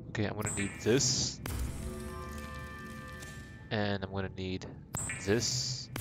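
A young man with a fairly low, fairly even voice streams a game live, talking at normal speed and pausing often. Over game music, he chats to his viewers in a rambling, playful way, often poking fun at himself.

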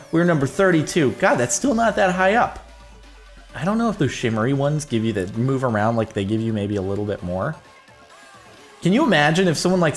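A man giving casual, jokey commentary on his own gameplay, rambling and laughing as he plays. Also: medium pitch. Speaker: gaming video host.

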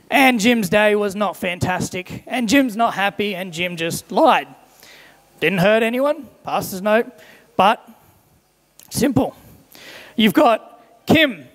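A young man preaching a sermon, telling everyday stories in a lively way and briefly voicing the people in them. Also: high-pitched. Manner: animated storyteller, briefly voices the people in his examples. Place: church hall. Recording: long echo of a large church hall.

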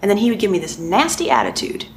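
Middle-aged woman coach talking to her students, chatty and animated, normal pitch. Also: quick pace, slight background noise. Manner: animated, conversational, repeats herself for emphasis. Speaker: life coach. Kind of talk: recorded coaching lesson.

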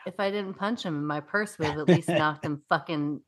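A woman's voice: sits low, moderate pace. A middle-aged woman co-hosting a podcast, telling stories in a blunt, casual way with lots of swearing. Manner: blunt, swears freely, storytelling. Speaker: podcast co-host. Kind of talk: casual chat.

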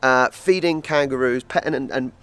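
A man from England, chatting excitedly in a casual travel vlog at an outdoor wildlife park. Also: medium pitch, normal speed. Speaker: travel vlogger.

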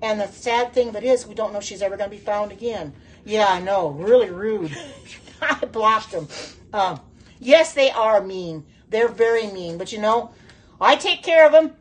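In a mid-range voice with a breathy edge, a middle-aged woman talks at normal speed while cooking on a casual phone livestream from her home kitchen. She reacts aloud to viewer comments and exclaims often as she chats.

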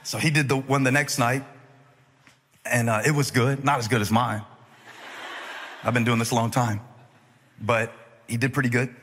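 A male pastor telling a joking family story in a sermon, building from easy banter into loud, emphatic preaching. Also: medium pitch, fairly even intonation, moderate pace, long pauses, a little hiss or hum. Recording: echoey hall reverb.

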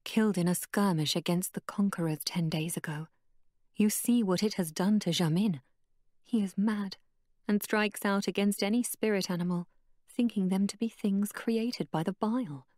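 A woman's voice: mid-range voice, normal speed, a little mellow, no room sound, clean studio sound, natural voice. A woman voicing a fierce, grieving middle-aged woman hunter who speaks in a grim, clipped way.

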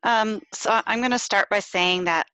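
A woman's voice: mid-range voice, normal speed, pushed and bright, no room sound, poor audio. A woman sharing reflections on a video call, nervous and hesitant, with many ums. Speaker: team member sharing reflections. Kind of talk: casual live video chat.

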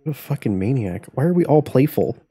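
Young male streamer, foul-mouthed and jokey, warm husky voice, dry close sound. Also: medium pitch, very animated, fairly quick, dry recording. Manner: profane, joking, laughs often. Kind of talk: casual live-stream commentary while playing.

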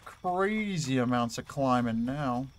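A man's voice: mid-range voice, lively intonation, slow, faint music behind. A man casually commenting while playing a video game, thinking aloud and correcting himself as he goes. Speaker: streamer. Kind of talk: casual let's play commentary.

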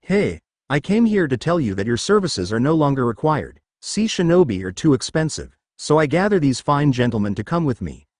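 A man's voice: on the high side, sing-song, normal speed, few pauses, darkish tone, no room sound, clean studio sound. A man voicing a short, greedy and cruel crime boss who sneers and gloats. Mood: gloating.

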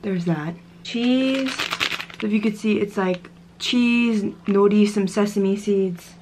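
With background noise behind her, a young woman speaks slowly at a medium pitch in a casual mukbang vlog from her dorm room. The spice leaves her in pain, so she coughs, gasps and curses.

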